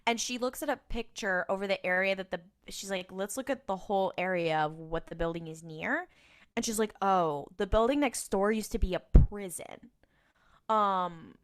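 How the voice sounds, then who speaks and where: A woman's voice: medium pitch, clean tone. A woman co-hosting a podcast, recapping episodes in casual chat and acting out the characters' lines. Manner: animated storytelling with quoted voices and laughter. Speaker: podcast co-host.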